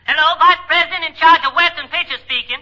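A man's voice: extremely high pitch, fast, pushed and bright, full character voice. A man playing a curt, harried cowboy studio executive in a 1930s film comedy. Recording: dull old film soundtrack.

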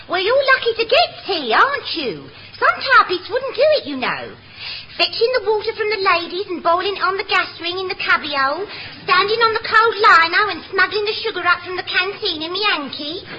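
A woman's voice: very high voice, big pitch swings, fairly quick. An actress playing a young office girl, chatty and complaining, in a radio sitcom. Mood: grumbling. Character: grumbling young office girl, cheeky and fed up. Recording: dull noisy old radio recording.

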